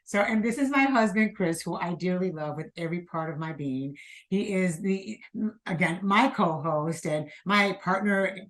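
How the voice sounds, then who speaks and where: A woman's voice: on the low side, expressive, normal speed. A woman co-hosting a casual show, chatting and laughing with her husband. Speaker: co-host. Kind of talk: casual podcast chat.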